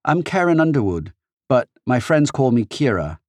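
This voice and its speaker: A man's voice: mid-range voice, sing-song, moderate pace, dry recording, studio quality, voice pushed up, close to an everyday voice. A man voicing a confident young British woman gamer with a wry, teasing manner in an audiobook.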